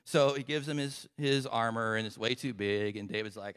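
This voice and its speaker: A man's voice: mid-range voice, moderate pace, a bit bright, smooth, big-room sound. A man preaching a sermon and retelling a story in a conversational way, with casual asides. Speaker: pastor.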